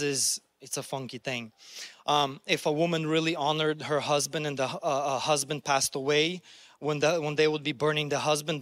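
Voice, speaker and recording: A man's voice: a little high, fairly bright tone, no echo, clean studio sound. A man preaching a sermon in an earnest, conversational way, often restarting his phrases. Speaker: pastor.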